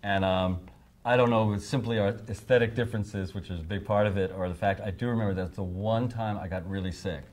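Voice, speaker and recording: A man's voice: lowish voice, quick pace, a little mellow. A man in his fifties being interviewed, telling anecdotes and acting out quotes in raised voices, laughing often. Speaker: songwriter interviewee.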